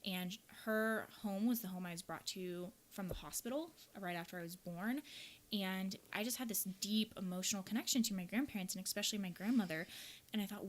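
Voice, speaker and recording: A woman's voice: mid-range voice, brisk. A young woman from the American Midwest, a yoga teacher hosting a podcast, telling a personal story in a candid, earnest, reflective way.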